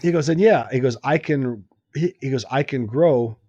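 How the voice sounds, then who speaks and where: A man's voice: medium pitch, moderate pace, no echo, highs cut off. Podcast man, storyteller, acts out both sides of the talk, laughs a lot, dry close sound. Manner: animated anecdote-telling, acts out dialogue, laughs often. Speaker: podcast co-host telling a story. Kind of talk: casual chat, storytelling.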